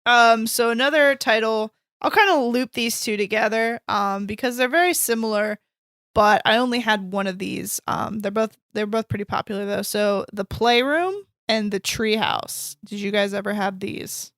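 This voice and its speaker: A woman's voice: on the high side, normal speed, a bit bright, no room sound, clean studio sound. Chatty woman leading a podcast topic. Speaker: podcast co-host. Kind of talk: casual chat.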